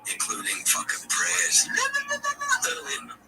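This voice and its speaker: A man's voice: very high-pitched, wildly swooping pitch, normal speed, in a whisper. An Australian man rambles through a livestream chat, swearing freely, his voice swinging wildly up and down. He sounds a little away from the mic. Music plays steadily behind him. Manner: crude, rambling, heavy swearing. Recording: distant voice over music. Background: music playing.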